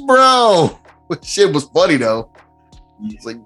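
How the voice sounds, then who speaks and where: A man hosts a casual podcast, talking in a bright, forceful voice that swings widely in pitch. He is animated and profane, breaking into laughter often. Faint music runs underneath. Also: slow. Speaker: podcast host. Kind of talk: casual chat.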